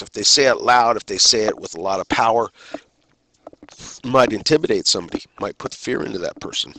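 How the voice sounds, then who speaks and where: A man giving a recorded criminal justice lecture in a measured, deliberate way, pausing and sometimes restarting a phrase. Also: lowish voice, sharp tone, a little hiss or hum. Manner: measured, deliberate delivery with pauses and occasional restarts.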